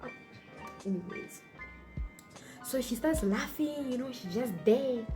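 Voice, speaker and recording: A young woman from Botswana, a YouTuber, tells a personal story on her vlog in a chatty style full of fillers. She speaks with a Botswana accent in a voice that sits high, unhurried, and music plays beneath her.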